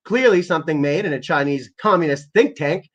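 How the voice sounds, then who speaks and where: A man's voice: on the high side, lively intonation, fairly quick, fairly bright tone. A man ranting live on a stream, swearing heavily in an aggressive, rambling way. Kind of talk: profane livestream rant.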